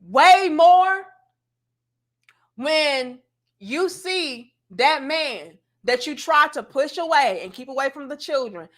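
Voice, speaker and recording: A woman's voice: high-pitched, fairly bright tone. A woman hosting a casual commentary show, talking emphatically and straight to her audience like she is lecturing them.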